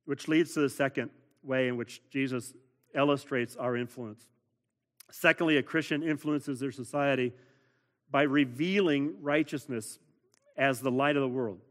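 A man preaching a sermon as pastor, earnest, stressing words by repeating them and building to louder emphasis. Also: mid-range voice, moderate pace. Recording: long hall reverb.

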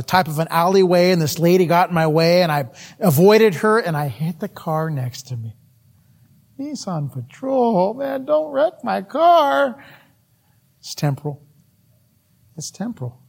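A middle-aged man preaching a sermon, telling folksy stories about himself and laughing at his own mishaps. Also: high voice. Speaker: missionary preacher.

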